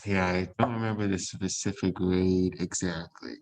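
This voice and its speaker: A man with a very low voice chatting on a podcast. He talks in a relaxed, easygoing way and often backs up his co-host with quick murmurs. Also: slight background noise, poor audio. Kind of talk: casual chat.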